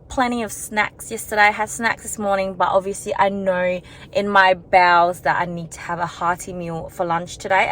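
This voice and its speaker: A young woman chats into her camera as she walks outdoors, her voice sitting at an ordinary middle pitch. She rambles in a relaxed, self-reflective way, peppering her talk with fillers. Faint outdoor noise sits far behind her. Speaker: vlogger. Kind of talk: casual vlog chat. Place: walking outdoors.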